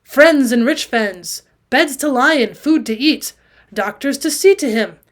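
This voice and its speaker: A fierce, crafty Highland man who is loud and gruff, as a woman reads him in an audiobook. He barks his lines with force. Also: expressive, unhurried.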